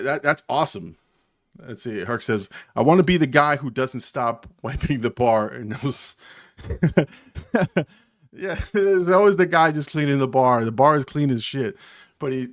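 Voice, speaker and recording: A man with a New Jersey accent hosting a live stream in casual chat, rambling and chuckling often. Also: mid-range voice.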